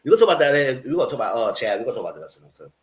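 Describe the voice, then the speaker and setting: Animated, lively-voiced gossipy man. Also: mid-range voice, racing. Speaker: reality TV commentator. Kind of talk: casual commentary.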